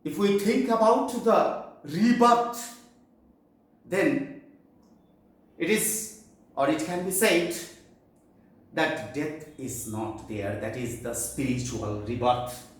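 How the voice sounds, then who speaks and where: A man teaching a poetry class in a slow, explanatory lecture with pauses and fillers, from Bengal. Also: fairly high pitch, lively intonation, very echoey, low-quality recording.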